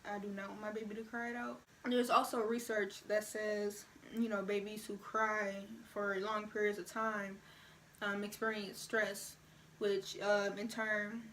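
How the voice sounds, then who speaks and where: A woman's voice: mid-range voice, fairly bright tone. Young woman, frank casual vlogger, mid-range voice, faint room hum behind. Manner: frank, conversational, many "you know" asides. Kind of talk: casual opinion vlog.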